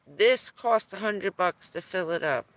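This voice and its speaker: A woman's voice: medium pitch, a little slow, fairly bright tone, no echo. A woman chatting casually on a live stream, telling rambling stories and chuckling often between phrases.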